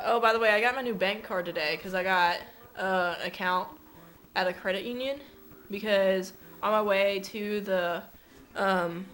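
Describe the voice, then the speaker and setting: A woman's voice: medium pitch, a bit bright, rough recording. Rambling young woman ranting to a webcam. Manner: rambling, frequent fillers, swearing, dramatic. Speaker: vlogger. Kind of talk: casual ranting vlog to a friend.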